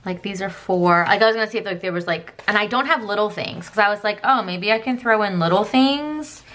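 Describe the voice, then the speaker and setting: Chatty rambling woman with a bright voice. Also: medium pitch, fairly quick. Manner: chatty, rambling, many fillers and self-asides. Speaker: planner vlogger. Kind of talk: casual chat while planning.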